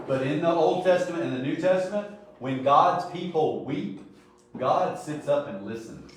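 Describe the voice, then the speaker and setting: A man's voice: fairly high pitch, recorded from a distance, slight background noise. A middle-aged man leading an informal Bible study, talking conversationally with joking asides and acting out little scenes. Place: church room. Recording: echoey room, voice from afar.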